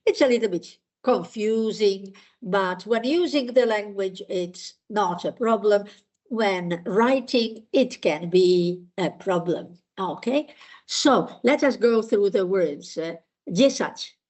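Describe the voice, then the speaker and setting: A woman teaching a language lesson, explaining patiently with many pauses and fillers. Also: medium pitch, a little mellow. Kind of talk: online language lesson with repeat-after-me drills.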